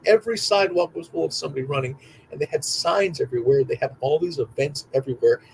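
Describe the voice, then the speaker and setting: Young guy ranting and rambling, kinda high voice, cusses a lot, faint hiss behind. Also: quick pace, vocal fry, low-quality recording. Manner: excitable, profane, repetitive storytelling. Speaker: vlogger. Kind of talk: rambling casual monologue.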